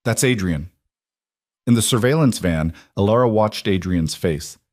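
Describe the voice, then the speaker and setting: Male narrator, scripted story, calm, even, low voice, dry close sound. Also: normal speed, dry recording.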